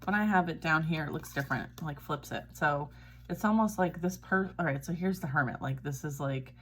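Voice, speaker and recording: Woman with a low voice doing a chill tarot reading, chatty, keeps saying all right. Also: brisk, fairly bright tone, slight background noise. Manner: chatty and reassuring, often asks "all right?". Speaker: tarot reader.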